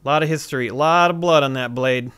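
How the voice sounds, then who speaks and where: A man's voice: mid-range voice, fast, fairly bright tone, smooth. A man hosting a let's play, giving crude, joking gameplay commentary.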